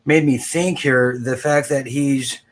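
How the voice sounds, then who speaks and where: A man hosting a live political talk show, rambling with quick asides and frequent restarts. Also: mid-range voice, fairly even intonation, a little hiss or hum.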